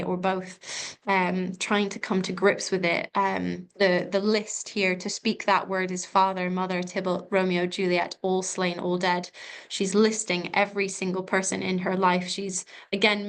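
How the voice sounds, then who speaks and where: A young woman tutoring exam revision off the cuff, pausing often with ums and restarting her sentences. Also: lowish voice, a bit bright. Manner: hesitant, many ums and restarts. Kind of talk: unscripted exam revision lesson.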